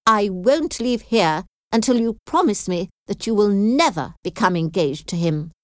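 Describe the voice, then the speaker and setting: A woman's voice: mid-range voice, animated, slow pace, dry recording, clean studio sound, voice pushed up. A woman reading aloud voices a haughty, aggressive old aristocratic lady who speaks in a commanding, hostile way. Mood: angry.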